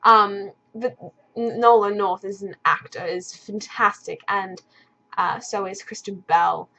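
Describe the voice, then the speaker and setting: A woman's voice: mid-range voice, steady tone, a little slow, sharp tone, low-quality recording. A woman gaming vlogger in casual commentary, rambling enthusiastically with many fillers.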